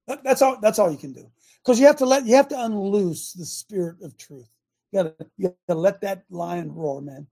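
Fervent preaching man, high and dark-toned. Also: fairly quick, breathy edge. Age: older. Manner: fervent, emphatic, swings between loud and quiet. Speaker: show host, former football coach. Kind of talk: impassioned preaching rant.

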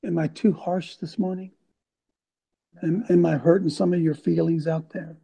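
Intense husky-voiced man preaching hard. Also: a little high, fairly even intonation, moderate pace, warm tone. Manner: intense and emphatic, with rhetorical questions. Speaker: host and former football coach. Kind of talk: fiery sermon-like talk to an online audience. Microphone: computer mic on a video stream.

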